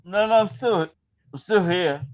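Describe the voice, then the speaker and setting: A man's voice: high voice, a little slow, dry recording, muffled recording. A man with an English accent, a guest on a live stream, laughing, swearing and teasing, and sounding tipsy and drowsy. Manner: laughing, profane, playful. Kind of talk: casual live stream banter.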